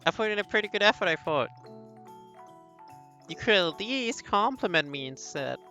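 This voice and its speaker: A young foreign woman traveler, easily flustered, stammers through her protests and sounds hurt when she is mocked, as a man puts her on with a raised voice. The tone is bright and tense, and faint music plays behind. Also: high-pitched, very animated, normal speed, pitched above the performer's own voice, exaggerated voice. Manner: stammering, pleading, indignant.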